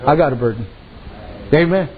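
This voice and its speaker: A man's voice: a little high, lively intonation, normal speed. A man preaching a sermon in a folksy storytelling way, peppering his talk with amens. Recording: dull lo-fi sound with faint noise.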